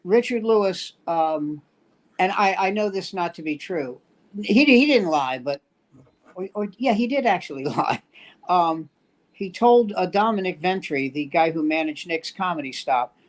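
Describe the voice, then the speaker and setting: Speaking at a normal speed with a fairly high pitch, this older New Yorker is a seasoned standup comic swapping stories as a guest. His delivery is wry and meandering, full of anecdotes in a relaxed conversation.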